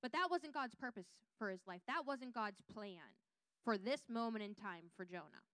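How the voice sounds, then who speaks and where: Woman doing a bible lesson, kinda high bright voice, keeps asking okay?. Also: normal speed, no echo. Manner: reads scripture aloud with lively voiced quotes, checks in with "okay?". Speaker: Bible teacher.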